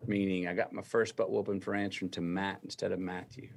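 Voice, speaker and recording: A middle-aged man with a drawl and a low, gravelly voice. He tells his story slowly and deliberately, lingering on each point as a guest in an interview. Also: flat delivery. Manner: slow, deliberate storytelling, acting out remembered dialogue.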